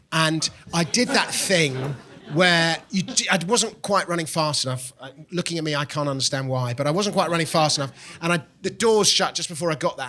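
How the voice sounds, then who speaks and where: A man's voice: on the high side, bright, forceful tone. A man doing a stand-up comedy set on a club stage, telling wry, rambling stories into a handheld mic.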